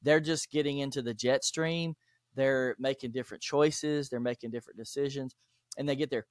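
A man of middling pitch tells animated stories as a podcast guest, slipping into the voices of the people in them. The recording is dry and close, with no room sound. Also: moderate pace, no echo. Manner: animated, acts out dialogue in stories. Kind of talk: interview storytelling.

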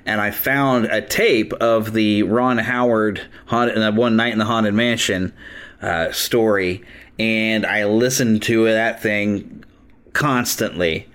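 A man hosting a podcast in casual, eager conversation, talking quickly and laughing easily. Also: lowish voice, fairly even intonation, fairly bright tone, clean tone. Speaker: podcast host. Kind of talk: casual chat.

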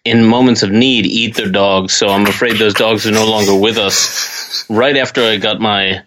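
A man's voice: fairly low pitch, steady tone, moderate pace, background noise, pitched below the performer's own voice, natural voice. A man doing a mumbling drowsy movie star.

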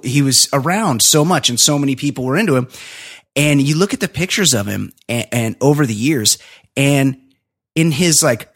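A man talks through a casual podcast, rambling and swearing freely as he gets worked up. His voice sits at an ordinary middle pitch. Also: fairly bright tone. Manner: profane, rambling, emotional rants. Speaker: podcast host.

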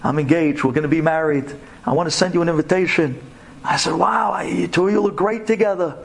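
A man's voice: fairly quick, vocal fry, breathy edge. Dramatic New man telling stories. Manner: dramatic, acts out voices with big pitch swings. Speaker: inspirational storyteller. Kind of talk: storytelling talk to women.

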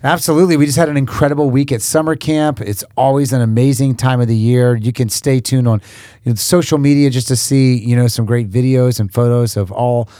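A man's voice: medium pitch, fairly even intonation, brisk, warm tone, dry recording, clean studio sound. A man who is a pastor, hosting a church podcast in an upbeat, chatty way. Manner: enthusiastic, chatty.

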